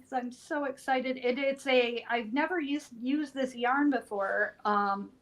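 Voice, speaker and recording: On a roughly recorded crochet livestream, a woman co-host with a high voice chats unhurriedly and laughs often. She casually walks viewers through the stitches.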